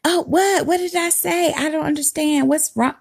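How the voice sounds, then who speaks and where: A woman's voice: high-pitched, steady tone, moderate pace, vocal fry, no echo, studio quality, voice pushed up. A woman mimicking a flustered, whiny ex-husband. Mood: bewildered.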